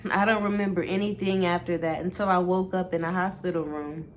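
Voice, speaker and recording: A woman's voice: lowish voice, steady tone, fairly quick, a little hiss or hum. A woman reading a memoir aloud in a casual way, stopping now and then to correct herself and reread.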